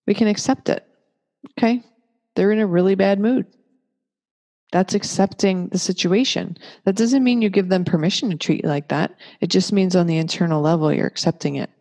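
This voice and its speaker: A woman giving a calm, reflective teaching talk on parenting, speaking gently and patiently and working through examples step by step. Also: medium pitch, normal speed. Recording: long reverberant room echo.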